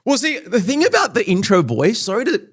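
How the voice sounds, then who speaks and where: A man's voice: sits high, huge pitch swings, brisk, slightly rough. A man who is a YouTuber, talking as a podcast guest in a casual, thoughtful, rambling way with lots of fillers.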